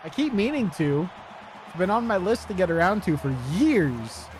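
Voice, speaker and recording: A man's voice: sits high, very animated, normal speed, slight background noise. A man streaming live, chatting casually, rambling and swearing as he answers his chat.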